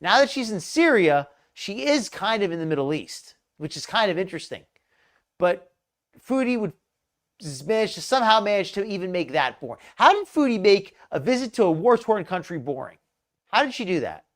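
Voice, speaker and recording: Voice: mid-range voice, very animated, normal speed. A host commenting on a live-stream clip with mocking, sarcastic asides and rambling explanations. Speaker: host of a live reaction show.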